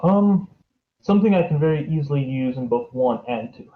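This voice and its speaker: A man's voice: a little high, expressive, normal speed. Man, tabletop player, in character, polite, playful, muffled lo-fi sound. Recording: dull lo-fi mic.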